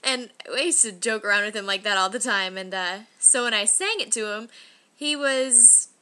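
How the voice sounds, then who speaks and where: A young woman telling a personal story to the camera in a chatty, animated vlog, often acting out the voices of people she quotes. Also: medium pitch, moderate pace. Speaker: vlogger.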